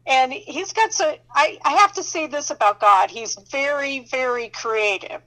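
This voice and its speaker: A fairly high-voiced woman tells her faith testimonies with lively emphasis. She laughs often between phrases and keeps turning to the listener with quick check-ins. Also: low-quality recording. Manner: animated, emphatic, laughs often while talking; addresses listener directly with "okay?" and "you know".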